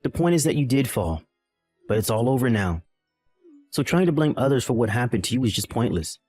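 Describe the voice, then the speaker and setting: A man's voice: medium pitch, sing-song, fairly quick, a little mellow, husky, soft background music. A man voicing a callous young husband in a text-message drama, talking in a dismissive, impatient way.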